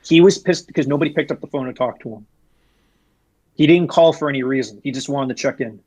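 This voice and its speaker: A man's voice: mid-range voice, fast talker, husky, no echo. A young man telling a workplace story in a casual interview, rambling with restarts and fillers. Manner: rambling, frequent restarts and fillers, animated when retelling. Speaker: guest, former retail employee.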